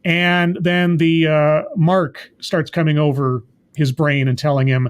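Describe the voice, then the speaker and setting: Higher-voiced man reviewing a show. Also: level tone, a little slow, clear, resonant tone. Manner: thinking aloud, hesitant and self-questioning. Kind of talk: casual episode review.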